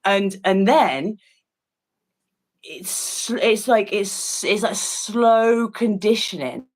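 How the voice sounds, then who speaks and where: A woman's voice: medium pitch, animated, very slow, rough recording. A woman in casual chat on an art stream, telling a long story with many fillers and restarts, sounding incredulous and disgusted. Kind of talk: casual chat while painting.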